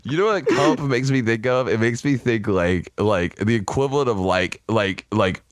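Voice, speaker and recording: A young man co-hosting a casual podcast, rambling through jokes and laughing loudly. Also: on the low side, lively intonation, normal speed, no room sound, studio quality. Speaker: podcast co-host.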